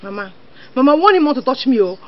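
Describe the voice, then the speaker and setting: Nigerian mother, high voice, rapid complaining, dry muffled film audio. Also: big pitch swings, a little hiss or hum. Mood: scolding. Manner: fast, complaining, repeats herself. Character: scolding village mother, quick-tempered.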